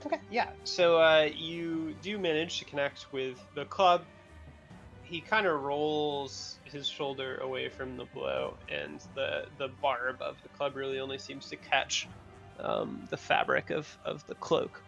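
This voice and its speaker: A man narrating as game master of a tabletop game, relaxed and halting, with many fillers. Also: on the high side, gravelly, highs cut off, soft background music.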